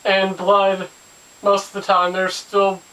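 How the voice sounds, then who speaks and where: A man's voice: sits high, monotone, slow pace, sharp tone, far from the mic, rough recording. A man hosting a casual video review of an old cartoon, chatty and full of jokey asides. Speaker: show host and reviewer.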